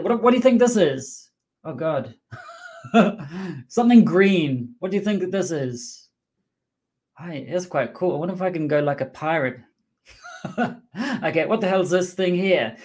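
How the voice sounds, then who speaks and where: A man's voice: high-pitched, a little mellow. A man hosting a casual livestream for a game studio, talking in a playful, joking and rambling way.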